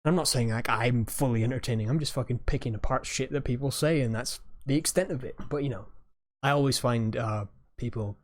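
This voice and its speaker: A man's voice: medium pitch, a little fast. A man streaming and chatting casually, rambling, swearing freely and laughing at his own tangents as he reacts to videos. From Australia.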